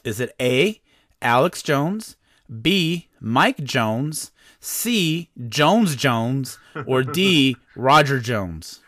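Guy hosting a goofy quiz, lively up-and-down voice, dry close mic. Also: medium pitch, extremely slow, dry recording. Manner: playful, mock-serious quizmaster. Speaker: podcast host. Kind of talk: casual comedy podcast, quiz host.

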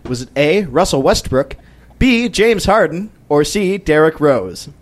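A young man opens and runs a sports quiz as its game master. His delivery is upbeat and scripted, like an announcer's, and his voice sits slightly high. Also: big pitch swings, measured pace.

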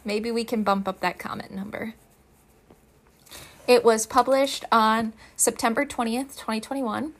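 A woman's voice: a little high, steady tone, measured pace. A woman casually reading a fan story aloud, chatty, emphatic and swearing freely. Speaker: fanfiction reader.

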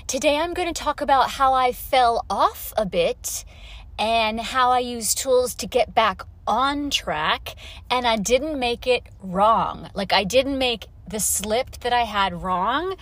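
A woman hosting her own vlog and talking casually to camera, chatty and full of "like" and restarts, acting out her own thoughts with lively jumps in pitch. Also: slow, no room sound. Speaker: vlog host. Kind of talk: casual chat.

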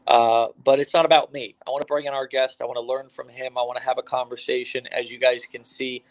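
A fast-talking American man with a medium-pitched voice hosts an online interview by phone. He opens with hype and stays upbeat, energetic and chatty, full of fillers and restarts.

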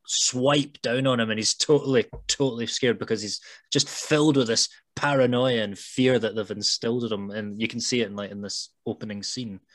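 A man's voice: medium pitch, steady tone, normal speed, hardly any pauses, no echo. A man guesting on a podcast, talking through a film in a thoughtful, casual way and leaning on "you know".

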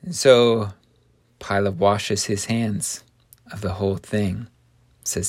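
A man's voice: fairly low pitch, fairly even intonation, slow pace, no room sound. A man teaching a scripture lesson in an earnest, vivid storytelling manner.

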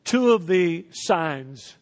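A man preaching a sermon as pastor, animated, acting out voices and leading the crowd to repeat after him. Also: a little high, drawn-out words. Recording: reverberant hall.

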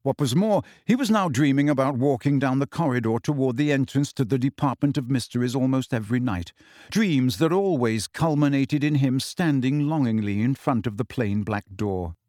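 A man narrating a novel in a steady, measured way. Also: mid-range voice, dry recording, clean studio sound. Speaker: audiobook narrator. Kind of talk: scripted narration.

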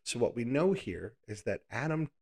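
Guy preaching a laid-back bible talk, bit of vocal fry, middle-pitched, keeps asking the room questions. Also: animated, normal speed, a little mellow. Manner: casual, asks rhetorical questions, playful asides. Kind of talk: conversational Bible teaching.

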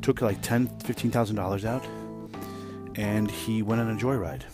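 A man hosting a podcast, telling a rambling, profane workplace story in a casual, animated way. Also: lowish voice, moderate pace, music in the background. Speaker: podcast host.

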